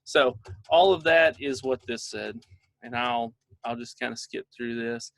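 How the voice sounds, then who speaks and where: A man's voice: mid-range voice, measured pace, creaky, a bit bright, no room sound. Middle-aged man, parent trainer, conversational storytelling, dry close sound. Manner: conversational, storytelling with filler words. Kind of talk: casual training talk with anecdotes.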